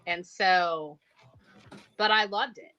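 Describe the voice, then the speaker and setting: A woman's voice: on the low side, takes it slowly, pushed and bright, clean tone, highs cut off. A woman co-hosting a casual pop culture podcast, chatty and enthusiastic, rambling from one thought to the next. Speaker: podcast co-host. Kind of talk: casual chat.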